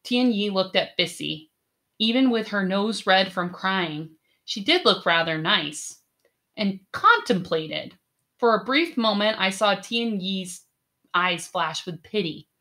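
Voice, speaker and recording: A woman narrating a story in the first person as an audiobook, with slow, careful storytelling. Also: mid-range voice, expressive, bright, forceful tone.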